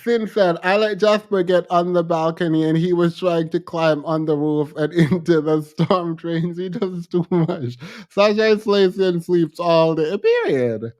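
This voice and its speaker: With a fairly high voice and a measured pace, a Jamaican-accented man from Jamaica runs a casual livestream, going through comments. He's animated and playful, laughs a lot, and says things more than once.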